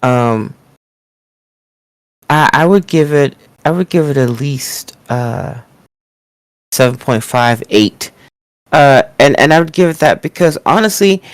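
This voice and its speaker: A podcast co-host giving opinions with hesitant, halting speech. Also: mid-range voice, lively intonation, dry recording.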